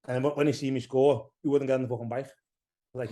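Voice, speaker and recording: A man with an English accent, a podcast guest who tells stories loudly, swearing freely in casual chat. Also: medium pitch, flat delivery, racing. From England.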